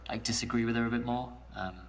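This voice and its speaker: This actor's mid-range voice is natural and steady, and he talks fast, with slight background noise. He plays a shy, mild schoolteacher on a blind date in dating game dialogue, hesitant, soft-spoken, and stammering, heard as distant game audio with faint music.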